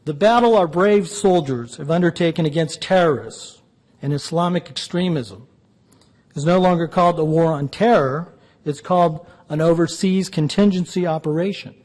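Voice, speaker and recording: A man's voice: a little high, moderate pace, a little mellow. A man giving a public lecture, telling jokes in a dry, punchy storytelling way. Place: lecture hall.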